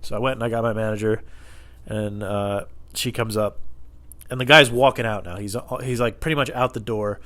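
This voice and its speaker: A young man vlogging at home into a tiny close microphone, telling a story in a profane, animated way and laughing often. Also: lowish voice, normal speed. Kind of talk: casual storytelling. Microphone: tiny microphone held close.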